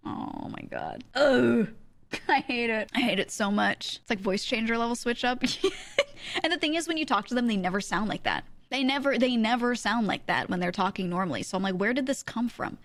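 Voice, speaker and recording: A young adult woman streamer chatting casually, telling an animated story and often laughing. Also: a little high, fairly quick, dry recording. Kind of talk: casual chat.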